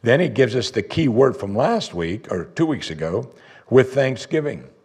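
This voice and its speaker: A man preaching a sermon as pastor, conversational, voicing his listeners' doubts in a higher voice. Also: sing-song, moderate pace, darkish tone, husky. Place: church sanctuary.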